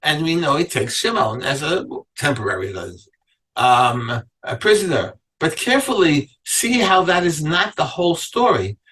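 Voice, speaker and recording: Bright, husky-voiced rabbi teaching a class. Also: male voice, on the high side, big pitch swings, moderate pace, far from the mic, poor audio. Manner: reads verses aloud, then asks the class pointed questions. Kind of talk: Torah lecture to a live class.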